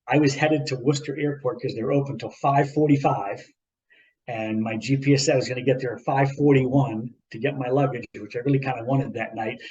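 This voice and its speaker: Rambling male podcast co-host, muffled. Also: mid-range voice. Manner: animated, rambling anecdote with repeats and asides. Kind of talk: casual storytelling chat.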